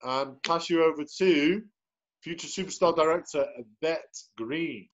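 Dull, lo-fi video call audio carries a man's voice, which is on the high side and unhurried. He's the host of an upbeat sales team call, chatting cheerfully and greeting attendees one after another to motivate them.

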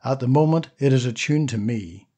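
A man reading the part of a calm, precise old male weapon shopkeeper in an audiobook, low and quiet. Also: normal speed, slightly rough, lightly acted.

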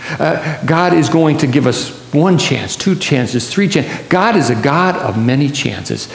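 A man's voice: on the high side, animated, a little slow, gravelly. A male pastor telling a Bible story in a sermon, with many restarts and repeated words. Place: large church sanctuary. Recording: echoey church hall.

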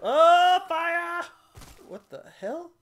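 A let's play commentator who yells, taunts enemies and swears a lot while playing. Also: very high voice, very animated, extremely slow, slight background noise. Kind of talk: gameplay commentary.

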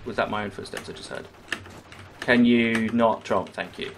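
A man's voice: on the low side, steady tone, vocal fry, a little hiss or hum. A young man giving sarcastic, swearing commentary over his own gameplay as a gaming YouTuber. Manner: sarcastic, swearing, quick to rage and laugh. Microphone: webcam-recorded gaming setup.

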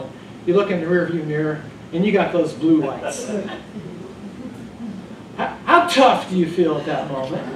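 A man preaching a sermon as pastor, animated and joking in a conversational way. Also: high voice, noisy background. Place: church sanctuary. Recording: echoey room from far off.

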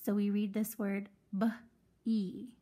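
A woman's voice: medium pitch, little pitch movement, slow, dark tone. A woman teaching a phonics lesson to children, patiently sounding out words syllable by syllable.

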